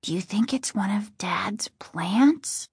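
A woman reader voicing a sleepy, scared young boy who speaks quietly in a whisper. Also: mid-range voice, expressive, takes it slowly, husky, no room sound, clean studio sound, heavily acted. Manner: quiet, half-asleep, whispering.

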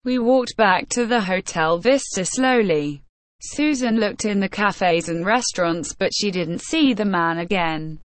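Slow, careful woman storyteller. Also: medium pitch, no echo. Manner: measured, careful reading with quoted dialogue. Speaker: narrator. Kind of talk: slow graded-reader story narration.

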